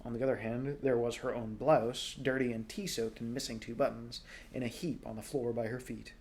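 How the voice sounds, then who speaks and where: A man reading a storybook aloud in a relaxed way, now and then correcting small slips. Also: medium pitch, brisk, slight background noise. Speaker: audiobook reader.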